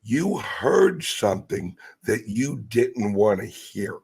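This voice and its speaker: A man with a low, gravelly voice and a husky edge hosts a casual podcast chat. He speaks slowly, bluntly and with profanity, often stumbling into restarts. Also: big pitch swings, a little mellow. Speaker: podcast host.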